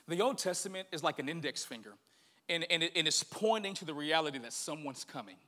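A male pastor preaching a sermon, animated and swinging from hushed to loud. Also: a little high, fast.

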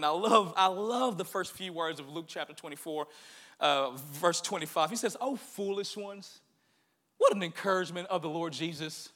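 A male pastor preaching a sermon, animated and swinging from hushed to loud. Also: on the high side.

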